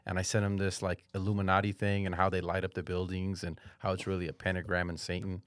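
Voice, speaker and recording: Low-voiced laid-back man, dry sound. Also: level tone, brisk, dry recording. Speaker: podcast co-host. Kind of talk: casual chat.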